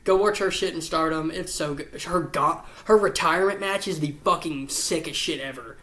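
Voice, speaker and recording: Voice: medium pitch, a bit bright, echoey room. A vlog host rambling casually to camera, gushing and swearing a lot, sounding tired. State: tired, yawning. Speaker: YouTube host. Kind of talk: casual ranking chat to camera.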